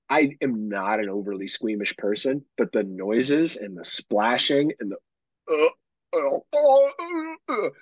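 A man's voice: mid-range voice, slightly rough, dry recording, highs cut off. A man in his thirties, a podcast co-host, telling a long story in casual profane chat full of fillers. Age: 30s.

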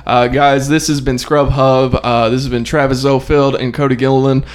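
A man's voice: medium pitch, little pitch movement, normal speed, smooth. A man co-hosting a podcast, telling stories casually with many fillers. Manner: rambling storyteller, many "uh" fillers. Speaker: podcast co-host. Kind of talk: casual chat.

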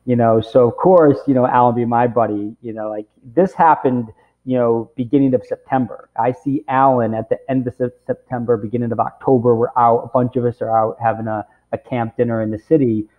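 A man's voice: mid-range voice, fairly even intonation, fairly quick. A man in his forties, a camp director, telling a long personal story in an interview, rambling and filling his talk with "you know" and "right?". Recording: tinny phone-like audio.

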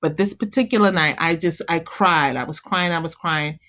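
A woman guest in an interview, speaking earnestly and encouragingly about being a mother, growing animated as she tells stories. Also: low voice, moderate pace. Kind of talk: conversational interview.

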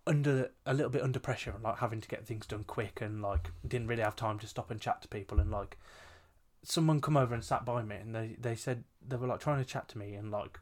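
A young man chatting on a podcast with easy, frank humour and frequent laughter. His voice sits in an ordinary middle register as he tells stories to his co-host. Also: medium pitch. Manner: frank, quick-witted, laughs often. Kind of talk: casual chat.

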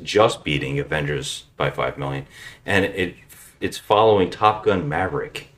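A man's voice: very deep voice, fairly bright tone. A man hosting a podcast in casual, jokey chat with friends. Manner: jokey, quick banter. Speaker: podcast host.

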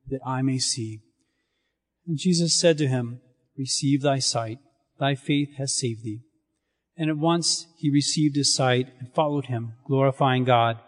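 A man serving as a priest, reading scripture and preaching in a measured, solemn cadence in a church. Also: mid-range voice. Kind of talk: liturgical reading and sermon. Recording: long reverb of a church.

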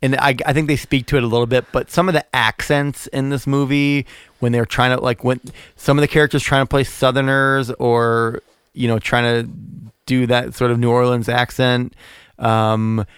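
Smooth-voiced man in casual podcast chat. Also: mid-range voice, flat delivery, moderate pace, a bit bright, dry recording, clean studio sound. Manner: easygoing, recounts scenes with laughs. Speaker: podcast co-host. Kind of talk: casual movie discussion.

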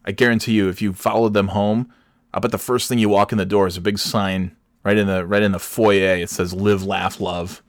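A man's voice: fairly low pitch, little pitch movement, fairly quick, no echo, studio quality. A middle-aged man hosting a podcast, ranting alone in a sarcastic, profane way. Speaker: podcast host. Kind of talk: solo comedic rant.

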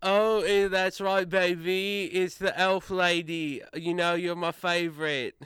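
A man plays a sleazy charmer who drawls every line in a raised, louder voice. The character is smarmy and overfamiliar, a game figure putting on the charm. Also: high-pitched, little pitch movement, takes it slowly, clean tone, no room sound, studio quality, voice pushed up.

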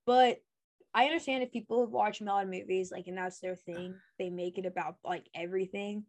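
A woman's voice: medium pitch, steady tone, fairly quick. A woman co-hosting a podcast in casual chat, opinionated and rambling, laughing often. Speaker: podcast co-host.

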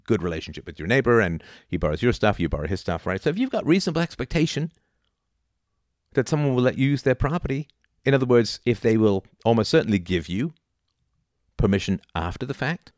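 A middle-aged man talking casually about philosophy, animated, dipping into mocking impressions. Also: medium pitch, fast talker, no room sound, clean studio sound. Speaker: podcast host.

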